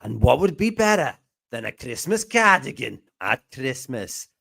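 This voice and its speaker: A man doing a cheery christmas snowman w/ a put-on lilt, slow and sing-songy. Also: medium pitch, very animated, vocal fry, a bit bright, dry recording, clean studio sound, pitched above the performer's own voice, heavily acted. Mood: jolly. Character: jolly male snowman loving Christmas. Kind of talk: recorded voice for an animated character.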